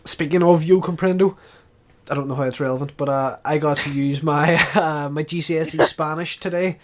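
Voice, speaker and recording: A man's voice: a little high, fairly even intonation, normal speed. A man from the UK chatting casually on a gaming podcast, hesitant and laughing often. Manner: hesitant, laughing, lots of fillers. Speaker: podcast host. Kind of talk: casual chat.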